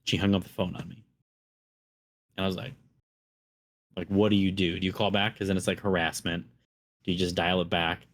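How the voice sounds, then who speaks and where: A man's voice: sits low, level tone, fairly quick, pauses often. A man co-hosting a casual podcast, talking bluntly and with exasperation about a rude customer. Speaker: podcast co-host. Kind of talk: casual chat.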